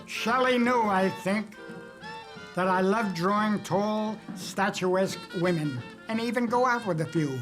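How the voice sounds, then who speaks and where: Over music, an older cartoonist from the United States unhurriedly shares wry stories about his career in documentary interview narration. His voice sits high, and his anecdotes come with dry jokes.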